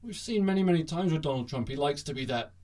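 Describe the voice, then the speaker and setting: A man's voice: on the high side, expressive, fast, darkish tone. Sarcastic man hosting a comedy news show. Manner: sarcastic, jokey, bursts into mock cheering. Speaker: host. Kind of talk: satirical news monologue.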